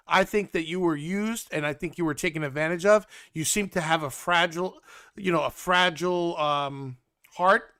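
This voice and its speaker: A man's voice: on the high side, a bit bright, no echo, studio quality. A young man with a New York accent, hosting a blunt, mocking reality TV commentary. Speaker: host.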